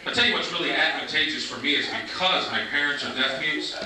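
A man doing a stand-up comedy set on a club stage, telling stories in a deadpan way and slipping into mock voices for other people. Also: on the high side, fast, crowd noise. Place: comedy club stage before a live audience. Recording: echoey 1990s club recording from a distance, noisy. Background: audience laughter.

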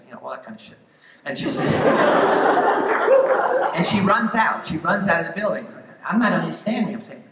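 A man's voice: on the high side, normal speed. Older man telling a story in an echoey hall. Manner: animated storyteller acting out quoted voices. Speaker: guest speaker. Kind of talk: storytelling to students in Q&A. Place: large theatre hall.

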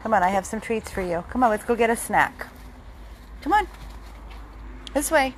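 A woman hosting a casual live stream from her dog rescue, using gentle baby talk with her dog and chatting with viewers. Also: a little high, animated, normal speed, a little hiss or hum. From Florida. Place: home with dogs, indoors and out.

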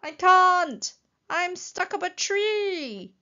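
A woman voicing a playful young male elephant prankster who calls out in high, drawn-out pleas. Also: sing-song, pushed and bright, highs cut off, exaggerated voice. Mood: pleading.

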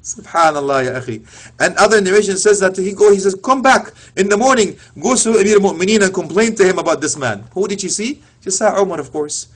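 A man's voice: high-pitched, expressive, brisk, fairly bright tone. A man giving an emotional Islamic lecture, retelling stories with passion and sprinkling in Arabic phrases. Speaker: preacher.

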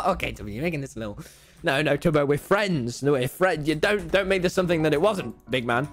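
A young man streaming a game live, loud and excitable, shouting and swearing often. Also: fairly high pitch, moderate pace, faint music behind. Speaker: gaming streamer. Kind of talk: live gameplay commentary.

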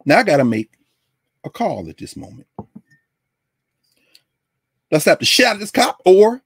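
An older man from Tennessee telling a personal story in a lesson, animated and acting out the people he quotes. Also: high voice, normal speed, gravelly, slightly rough, no room sound, clean studio sound. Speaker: lecturer.

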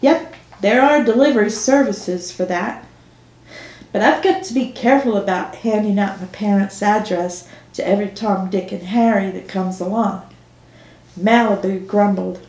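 A woman author reading her own novel aloud in first person, slow and measured. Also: medium pitch, a little mellow. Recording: echoey room.

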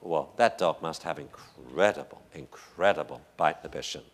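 A man's voice: very deep voice, moderate pace, breathy edge. Joking man giving a lecture. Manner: chatty, joking, anecdotal. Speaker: dog behavior lecturer. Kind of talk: live lecture to an audience.

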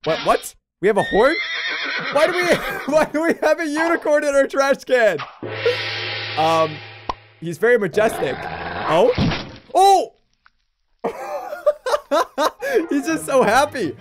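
Excitable man laughing through gameplay commentary. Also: very high voice, takes it slowly, long pauses, music in the background. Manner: excitable, laughs often, exclaims in surprise. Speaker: gaming video host. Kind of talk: casual let's-play commentary.

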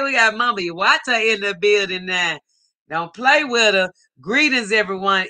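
Woman bright, slow live-stream host. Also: medium pitch. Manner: upbeat, greets viewers by name, reads chat aloud. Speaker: livestream host. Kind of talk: live-stream chat shout-outs.

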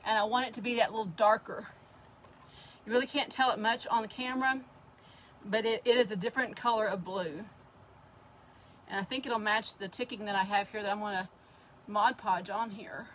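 A woman's voice: mid-range voice, steady tone, moderate pace, pauses often, fairly bright tone, a little hiss or hum. A woman hosting a casual crafting livestream, chatting and greeting viewers by name as she works.

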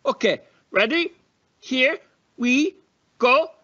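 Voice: high-pitched, lively intonation, slow pace, bright, forceful tone. A teacher leading a children's phonics lesson, clapping out syllables in an exaggerated sing-song way. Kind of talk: cheerful children's lesson narration. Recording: dull lo-fi sound with faint noise.

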